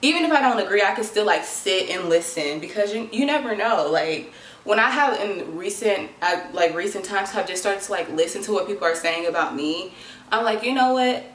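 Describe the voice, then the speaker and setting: A woman's voice: medium pitch, lively intonation, brisk, fairly bright tone. A young woman talking casually to camera in an advice vlog, chatty and dramatic, full of "like". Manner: chatty, dramatic, lots of filler "like". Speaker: vlogger. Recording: echoey room.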